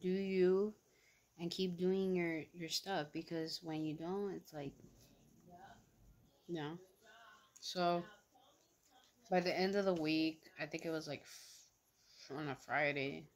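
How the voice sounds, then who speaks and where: A woman's voice: lowish voice, fairly even intonation, slow, long pauses. A young woman vlogger telling a story in casual, slangy talk full of fillers. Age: young adult.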